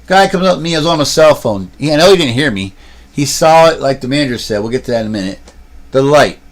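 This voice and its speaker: A man's voice: mid-range voice, lively intonation, fast. A man streaming and vlogging, talking casually and telling a long story with restarts and asides, filmed on a handheld camera. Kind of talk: casual rambling livestream talk.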